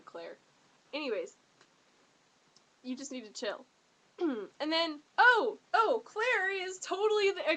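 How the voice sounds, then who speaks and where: A woman with a high, bright voice rambles through a casual fan review vlog. She gushes and gets excited, jumping from point to point without much order. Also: poor audio.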